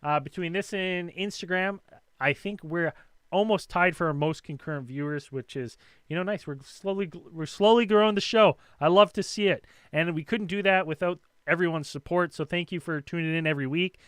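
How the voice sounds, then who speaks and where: A man's voice: high voice, moderate pace, clean tone, no room sound. A man hosting a call-in podcast, talking in an upbeat, chatty way. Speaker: host. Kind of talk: casual chat.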